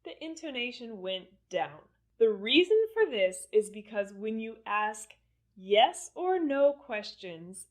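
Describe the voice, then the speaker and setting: Slow, deliberate woman teacher. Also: medium pitch. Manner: slow, deliberate, exaggerated intonation in examples. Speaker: English pronunciation teacher. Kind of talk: scripted language lesson.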